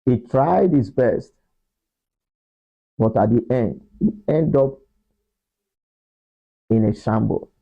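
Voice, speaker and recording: A man's voice: medium pitch, animated, slow pace, vocal fry, long pauses, dull audio. A man preaching a political sermon, emphatic and repeating his phrases for effect.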